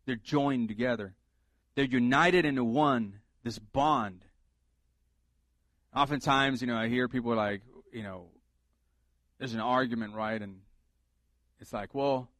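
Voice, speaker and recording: A man's voice: mid-range voice, a little slow, long pauses, fairly bright tone, no echo. A middle-aged male pastor preaching a sermon in a conversational, humorous way, repeating his key points for emphasis.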